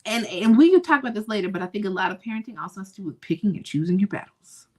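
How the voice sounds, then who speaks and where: A woman co-hosting a podcast, speaking in an earnest, reflective way with frequent thoughtful pauses. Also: mid-range voice, animated. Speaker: podcast co-host. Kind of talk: casual podcast conversation.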